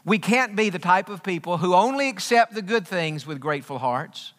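Bright-voiced preacher in a reverberant hall. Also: male voice, sits high, lively intonation, normal speed. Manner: emphatic, repetitive preaching with folksy humor. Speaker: pastor. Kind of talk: sermon. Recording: long reverb of a large hall.

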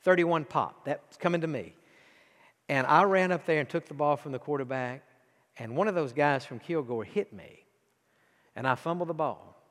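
Folksy East Texas preacher in a reverberant hall. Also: male voice, fairly high pitch, normal speed. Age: 40s. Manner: folksy storytelling, dropping to a near hush then rising to fervent exhortation. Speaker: pastor. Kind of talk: sermon.

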